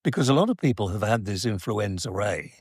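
A middle-aged Geordie man talks in a casual chat, his speech rambling and often trailing off. His voice sits low, and the room sound is dry and close. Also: very animated, a little fast, husky, no room sound. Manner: rambling, self-deprecating, trailing off.

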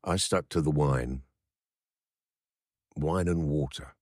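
An older man, co-hosting a casual chat, talking haltingly with many restarts and fillers. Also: very deep voice, darkish tone, dry recording, studio quality. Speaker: podcast co-host.

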